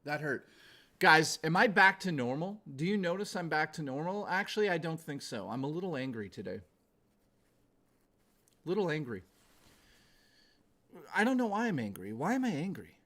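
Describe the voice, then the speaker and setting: Male streamer at home, lively swinging voice, raunchy rambling banter. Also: a little high, fairly quick. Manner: crude, profane joking, rambling. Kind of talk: casual livestream chat.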